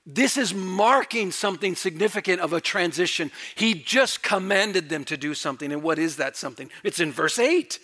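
A middle-aged male pastor preaching verse by verse. His voice is bright and forceful and sits a little high for a man. He drives his points home by repeating them, then drops to a hushed aside. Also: fairly quick, few pauses. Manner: emphatic, repeats key phrases, swings between loud and hushed. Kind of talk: expository sermon.

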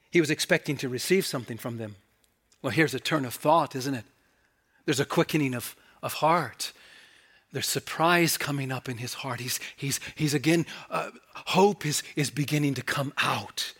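A man preaching an expository sermon, with animated swings between loud emphatic quotes and quiet asides, and frequent restarts. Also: on the high side. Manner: frequent restarts and repeated words. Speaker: pastor.

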